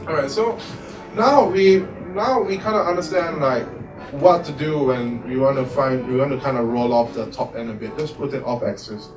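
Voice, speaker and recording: A man's voice: mid-range voice, moderate pace, over music. A man leading a home-recording workshop, explaining mic technique in a loose, rambling way full of "like". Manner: casual, rambling, filler-heavy explanations. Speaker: workshop instructor. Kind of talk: live recording workshop demo. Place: music store workshop room.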